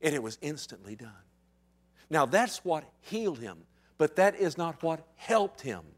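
A pastor preaching a sermon in a somewhat high male voice. He swings between loud declarations and hushed, intense moments and keeps asking his congregation rhetorical questions. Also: sing-song, a little slow.

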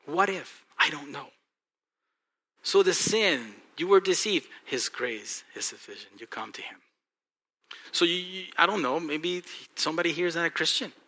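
A male pastor with a Texan accent preaching a sermon, swinging from hushed, earnest passages to loud, excited bursts. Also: a little high, normal speed.

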